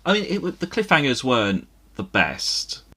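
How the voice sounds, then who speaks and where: A man's voice: medium pitch, huge pitch swings, moderate pace, sharp tone. A man co-hosting a podcast, chatting in an easygoing, wry way. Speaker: podcast co-host. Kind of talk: casual chat.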